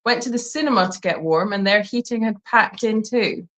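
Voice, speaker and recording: A woman's voice: medium pitch, normal speed, fairly bright tone, rough recording. A woman co-hosting a live Q&A chat from an animal sanctuary, reading out viewer comments with fillers and small laughs.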